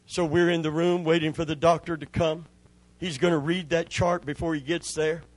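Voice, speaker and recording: A middle-aged male pastor preaching a sermon, telling a personal story with emotion and dropping to a hushed voice when he re-enacts a prayer. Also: a little high, flat delivery, moderate pace, no room sound, rough recording.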